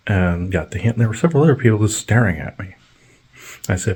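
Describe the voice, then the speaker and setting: A man's voice: deep voice, brisk, a little mellow, slightly rough. A man hosting a podcast, telling long, rambling stories in a blunt, profane way, full of fillers. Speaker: podcast host. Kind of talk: casual storytelling on a podcast.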